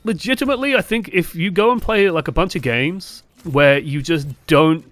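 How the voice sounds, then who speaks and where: A young man coaching over gameplay footage, moving from calm breakdowns to exasperated outbursts and swearing bluntly. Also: on the high side, moderate pace, no room sound. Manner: swings from calm analysis to exasperated shouting. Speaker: game coach. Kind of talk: live-streamed gameplay review commentary.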